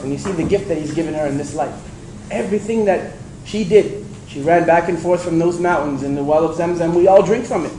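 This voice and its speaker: A man giving a storytelling religious lecture to an audience, animated and acting out the voices he quotes. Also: fairly high pitch. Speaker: preacher. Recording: echoey hall with faint ambient noise.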